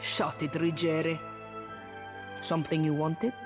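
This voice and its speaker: An actress voicing a tired, stern town watch commander who speaks in a curt, measured way. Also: female voice, low voice, level tone, music in the background. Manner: curt, measured, weary authority.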